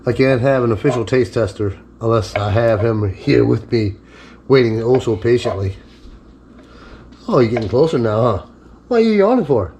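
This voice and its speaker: A man's voice: mid-range voice, normal speed, darkish tone, slight background noise. A man giving a casual cooking demonstration in his home kitchen, chatty and easygoing, and talking to his dog between steps. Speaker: cooking vlogger.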